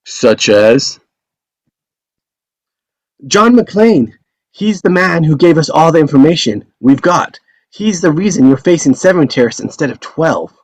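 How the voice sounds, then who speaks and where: A man reading several police and FBI officials in a brisk, clipped tone, in a table read over a video call. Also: a little high, sing-song, dry recording, exaggerated voice. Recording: dull dry video call audio.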